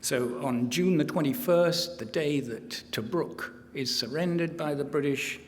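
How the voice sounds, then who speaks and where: A man's voice: a little high, a little slow. A man giving a history lecture at a conference, hesitant, with many filler sounds and restarts. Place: conference hall. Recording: hall reverb, faint room noise.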